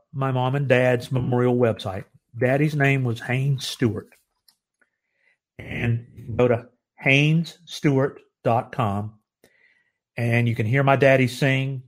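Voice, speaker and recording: Brief: middle-aged American man, live-stream host, earnest and heartfelt, mid-pitched voice. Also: steady tone. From United States. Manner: earnest, grows emotional, halting restarts.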